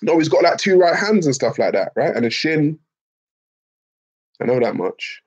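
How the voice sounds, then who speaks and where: A man's voice: fairly high pitch, big pitch swings, moderate pace, slightly rough, rough recording. A man with a Liverpool accent hosting a casual livestream, answering chat messages in a slangy, emphatic way and calling people bro and man. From England. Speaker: live stream host reading chat.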